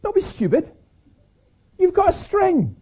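A man's voice: huge pitch swings, unhurried, warm tone, full character voice. A mocking little boy. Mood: scornful. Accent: Scottish. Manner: high, incredulous squeal.

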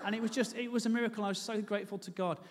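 A man's voice: sits high, steady tone, rapid-fire, in a large hall. A man preaching a sermon, telling a comic personal story and then pleading earnestly with his listeners.

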